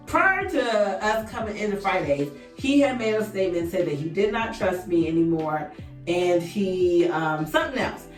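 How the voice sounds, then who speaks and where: A young woman tells a story to her viewers while she does her makeup, in a chatty, animated way. She sounds a little distant from the mic in an echoey room, with faint music playing behind her. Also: on the low side, moderate pace. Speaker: beauty vlogger. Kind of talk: casual storytime chat while doing makeup. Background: faint background music.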